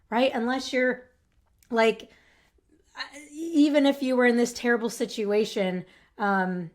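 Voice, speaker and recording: A young adult woman speaks on her own podcast in a casual, earnest way. Her voice sits at an ordinary middle pitch, and she keeps reassuring the listener with frequent tag questions. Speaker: podcast host. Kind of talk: casual solo podcast advice.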